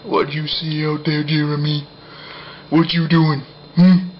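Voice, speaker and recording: A woman coaxes her cat in slow, playful baby talk, her low voice suddenly jumping up into squeaky highs. It sounds like a muffled home video with faint background hiss. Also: flat delivery. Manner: playful, coaxing, with sudden swoops into a squeaky high voice. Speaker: cat owner filming her pet.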